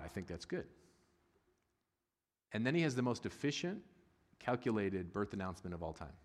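A middle-aged man preaching a sermon as a pastor, conversational and humorous with loud excited bursts. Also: medium pitch, brisk, long pauses, big-room sound.

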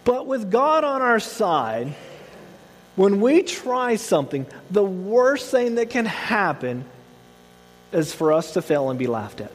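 A man in his thirties preaching a sermon, telling lively stories and acting out the voices of the people in them. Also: sits high, slow, long reverb tail, poor audio. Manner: animated storytelling, acts out voices of his son. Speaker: pastor.

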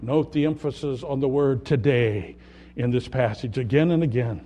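A man preaching a sermon, earnest, rising loud on key words and dropping soft at the ends of thoughts. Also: medium pitch, moderate pace. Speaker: pastor.

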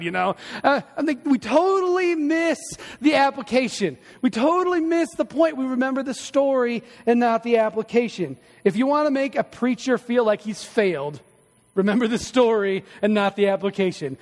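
Hoge mannenstem, preek in galmende kerk. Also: male voice, sits high, moderate pace, a little mellow, in a large hall. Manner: conversational storytelling preacher, self-deprecating humor. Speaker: pastor. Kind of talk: sermon. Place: church sanctuary.

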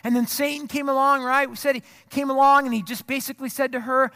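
A pastor from the of America, a man with a very high voice, tells a self-mocking story from the pulpit. His sound is bright and forward. He chats with the congregation in a loose, casual sermon. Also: flat delivery, quick pace, hardly any pauses.

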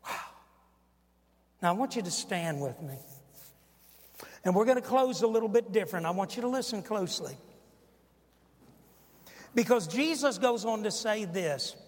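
A man's voice: expressive, normal speed, pauses often. Older man preaching in a reverberant hall. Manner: emphatic preaching, voice rising when quoting and dropping low for asides. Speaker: pastor. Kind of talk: sermon.

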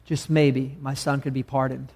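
A man's voice: mid-range voice, little pitch movement, moderate pace, creaky, dark tone, big-room sound. A preacher voicing a grieving father who pleads earnestly and hesitantly for his son's life. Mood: pleading.

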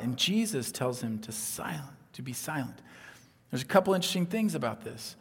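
A man preaching a sermon as pastor, earnest and emphatic, dropping to a hush on key points. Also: mid-range voice, big pitch swings, brisk, breathy edge, long reverb tail.

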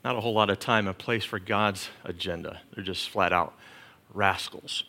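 A middle-aged man preaching a sermon as pastor, building points through emphatic repetition and dropping to soft murmurs. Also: low-pitched, steady tone, moderate pace, creaky.

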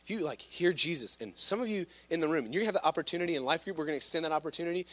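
A man preaching a sermon to a live room, impassioned, swinging from loud urgent lines to hushed ones. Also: on the high side, animated, very fast. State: out of breath at times. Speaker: pastor.

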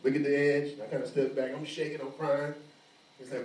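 A high-voiced man preaches with energy, slipping into the voices of the people in his story. The sound is echoey and comes from a distance, as in a large room. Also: fairly quick. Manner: animated preaching, acting out voices. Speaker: pastor. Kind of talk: sermon.

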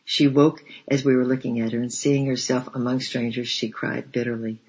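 Gravelly, husky male storybook narrator. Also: mid-range voice, flat delivery, normal speed, a little mellow. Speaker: audiobook narrator. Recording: dull lo-fi recording.

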